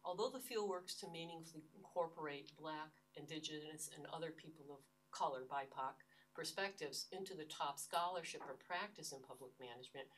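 Speaking briskly with few pauses, an older American university lecturer delivers an earnest, emphatic academic lecture, often restarting phrases. Her voice is low and a bit bright, and the distant lecture-hall recording has a little hiss or hum.

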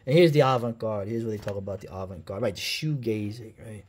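A man's voice: fairly low pitch, fairly quick, a little mellow. A man giving casual, rambling commentary while reacting to a documentary, with a sarcastic streak and plenty of fillers and restarts. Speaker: reaction video host.

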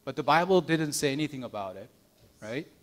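A male pastor with a mid-range voice tells a sermon story in an animated, brisk way that remains earnest and gentle. He often lets lines drop soft and hushed, with small restarts and repeated words.

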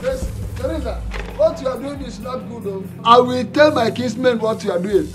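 A man's voice: very high voice, moderate pace, over music. An older man with a Nigerian accent, playing a broke, boastful father who pleads and whines with his creditor. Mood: self-pitying. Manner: wheedling, self-pitying, rising to a whine. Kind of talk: Nollywood film acting.

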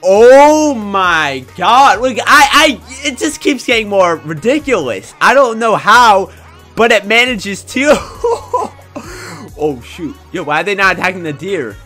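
A young man commentating his own gameplay in a casual, excitable way, often breaking into shouts. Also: high voice, moderate pace, soft background music. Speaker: gaming YouTuber.

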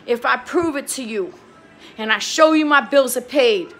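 A woman's voice: high voice, normal speed, a bit bright, faint music behind. A young woman talking straight to her viewers, heated and pleading, swearing and repeating herself. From New York. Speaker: vlogger. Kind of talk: emotional talk to camera.

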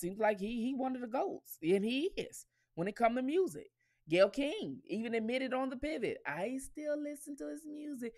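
A woman hosting her own commentary channel, talking straight to her viewers in a blunt, profane rant with lots of emphatic repetition. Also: sits high.

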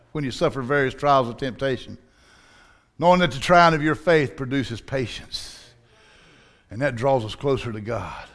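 A man's voice: on the high side, a bit bright. A man preaching a sermon with a Southern accent, in a folksy, down-home style. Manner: folksy, preaching with dialect and acted-out voices.

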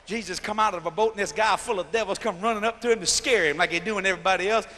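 A man preaching at a big revival crusade in a folksy, joking style, shouting lines and then dropping to a low voice. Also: fast talker, a little hiss or hum. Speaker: guest preacher. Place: large arena crusade. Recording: live arena sound with reverb.

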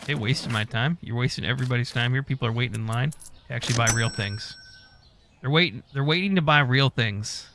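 A man's voice: medium pitch, fairly quick, creaky, noisy background. A man giving casual, profane gameplay commentary, mock-scolding customers and staff as he plays. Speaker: gaming YouTuber.

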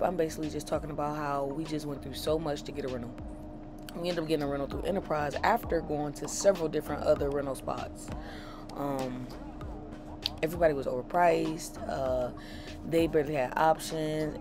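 A man narrates a vlog in a casual voice-over, recapping in a relaxed way with small fillers. His voice sits a little high, and clear music plays under his speech.

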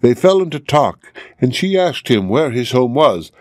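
A man reading a fairy tale aloud clearly and steadily as an audiobook for English learners. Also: medium pitch, very animated, a little slow, darkish tone, no room sound, studio quality. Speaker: storyteller.

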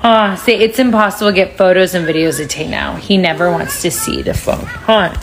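A woman's voice: lowish voice, brisk, background noise. A woman in her thirties chatting casually on a phone livestream at home, switching to a sing-song baby voice for her toddler. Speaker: social media livestream host.

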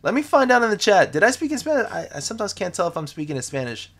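Young guy on a stream, kinda high voice, chill and slangy, keeps calling chat fam. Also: very animated, racing, fairly bright tone. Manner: laid-back, slangy, repeats himself, talks to chat as family. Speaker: sneaker livestream host. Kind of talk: casual livestream chat reading comments. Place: home, lives in the city.

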